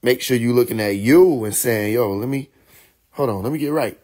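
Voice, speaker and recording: Young man with a husky voice hosting a casual live stream, animated and quick to laugh. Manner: animated, laughs often, mimics others in higher voice.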